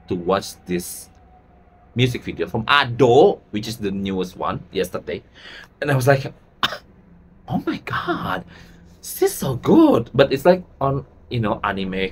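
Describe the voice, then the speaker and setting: A YouTube host reacting to a music video, gushing and excitable, using loose, non-native English grammar, many "like" fillers and repeated "oh my God". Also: low voice.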